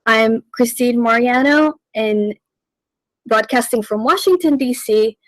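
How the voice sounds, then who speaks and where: Slow, patient woman teaching on radio. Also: fairly high pitch, dry recording, poor audio. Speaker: radio language segment host. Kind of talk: radio language lesson. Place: radio studio.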